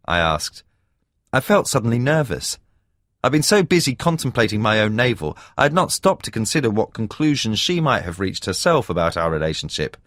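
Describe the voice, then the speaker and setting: A man reading a thriller audiobook in the first person, telling the story at a measured pace with expressive emphasis. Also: lowish voice, no room sound. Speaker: audiobook narrator. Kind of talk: scripted first-person narration.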